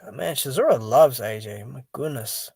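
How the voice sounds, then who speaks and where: A man's voice: medium pitch, lively intonation, moderate pace, creaky, darkish tone, slightly rough, no room sound. Sleepy man chatting on stream. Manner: chatty, reacting and reading viewer comments. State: tired and sleepy. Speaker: boxing stream host. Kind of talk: casual live-stream chat.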